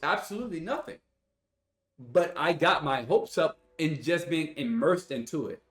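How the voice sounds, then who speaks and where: On the high side and fairly bright in tone, a young streamer's voice is expressive as he rants angrily to his chat at normal speed. He swears, sighs heavily, and sounds exasperated. The room echoes, and faint music plays.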